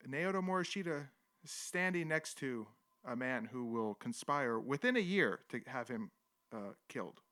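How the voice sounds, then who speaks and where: A man's voice: medium pitch, animated, a little slow, bright, forceful tone. A man hosting a live stream, casually commenting on old footage and reading chat aloud in an irreverent, rambling way. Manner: irreverent, rambling, chuckles often.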